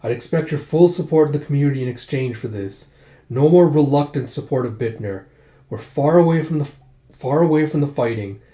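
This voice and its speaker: A man's voice: a little high, fairly quick, warm tone, lightly acted. A man reading aloud and voicing a stern, commanding male magistrate in a formal, declaiming manner. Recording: roomy echo.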